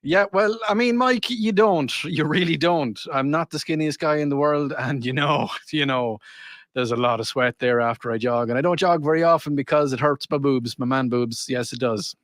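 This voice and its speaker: A man's voice: a little high, moderate pace, a bit bright, dry recording. A man co-hosting a radio show, playful and self-mocking, often laughing through casual banter into a studio microphone. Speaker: radio co-host.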